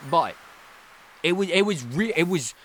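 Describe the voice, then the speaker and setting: A man hosting a let's play, giving rambling, animated commentary and often repeating himself. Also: on the high side, measured pace, slight background noise. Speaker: gaming channel host.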